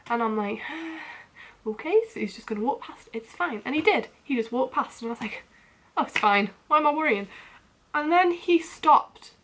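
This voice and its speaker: A woman's voice: a little high, fairly bright tone. A young woman telling a story to her camera in a rambling, casual rant, often breaking into nervous laughs. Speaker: vlogger.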